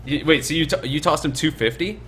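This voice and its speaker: A man runs a tabletop game as its game master, narrating haltingly with lots of fillers and false starts. His voice is fairly high and a bit bright, and there's a slight hiss or hum in the background.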